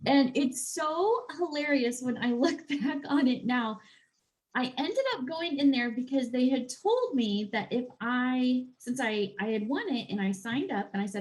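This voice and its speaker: A woman health and life coach chatting casually in a podcast interview, telling a personal story and acting out her own thoughts in animated bursts. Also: high voice, poor audio. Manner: animated, quick swings into acted-out inner voices.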